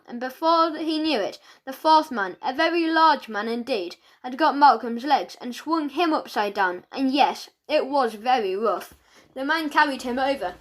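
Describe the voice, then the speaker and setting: A woman narrating a children's audiobook in a lively storytelling manner. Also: high voice.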